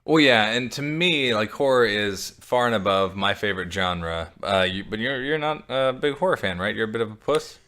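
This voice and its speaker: A man's voice: fairly low pitch, moderate pace, few pauses, pushed and bright. A man co-hosting a podcast from home, chatting casually with jokes, self-mockery and casual swearing. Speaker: podcast co-host. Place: home, dog on the couch beside him.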